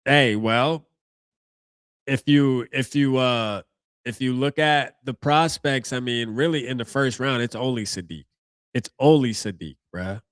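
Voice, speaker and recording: A man's voice: medium pitch, a little slow, clean tone, dry recording, clean studio sound. A man hosting a live reaction stream, talking casually in slang and thinking aloud as he goes.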